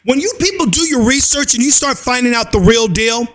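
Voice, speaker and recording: A man ranting loudly and crudely in fired-up political commentary. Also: very high-pitched, expressive, fairly quick. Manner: loud, fired up, drawling and crude.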